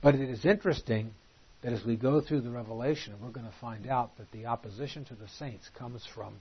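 A man's voice: medium pitch, a little fast, slightly rough. A man teaching a Bible study class, reading scripture aloud in old-fashioned wording and explaining it, growing emphatic on the quoted verses. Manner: reads scripture aloud in King James wording, then explains; emphatic, rising on quoted lines. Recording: dull, lo-fi classroom recording.

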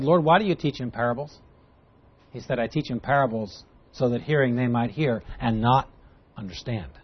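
A man teaching through a Bible passage to a class, lively and emphatic, reading verses aloud. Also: mid-range voice, breathy edge. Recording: dull lo-fi recording.

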